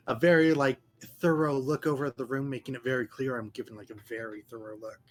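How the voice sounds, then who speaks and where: A tabletop player describing their character's actions in a halting way. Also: medium pitch, level tone, faint music behind. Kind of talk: tabletop game play.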